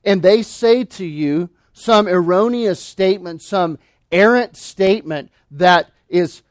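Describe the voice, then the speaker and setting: A man preaching a sermon, emphatic, asking rhetorical questions and swinging between loud declarations and hushed asides. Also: high-pitched, no room sound, studio quality. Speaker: pastor.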